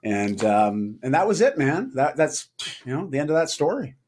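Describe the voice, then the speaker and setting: A middle-aged man telling a personal story as a podcast guest, animated, laughing often and acting out quoted dialogue. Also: on the high side, moderate pace, slight background noise. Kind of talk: storytelling in a casual interview.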